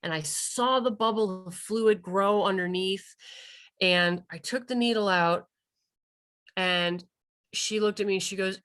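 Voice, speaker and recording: A woman gives a continuing education talk as a wildlife rehabilitator. Her voice is bright and crisp. She tells her story with animation and acts out the other people's lines. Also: medium pitch, unhurried. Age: 30s. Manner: lively storytelling, acting out quoted dialogue. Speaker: wildlife rehabilitator and vet tech presenter.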